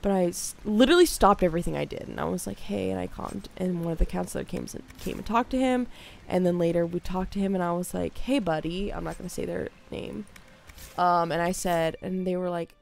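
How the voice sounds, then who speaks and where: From her home streaming setup, a young adult woman plays a game and casually tells stories from teaching theater, animated and dropping to a whisper when quoting a child. Her voice is lowish, fairly quick, and creaky, with slight background noise.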